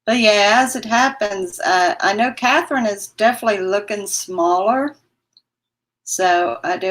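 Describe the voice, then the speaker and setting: A woman's voice: mid-range voice, a little slow, fairly bright tone, poor audio. A woman chatting casually on her livestream who says she has trouble with her W sounds and coos at her dog in baby talk. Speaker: vlogger reading live chat.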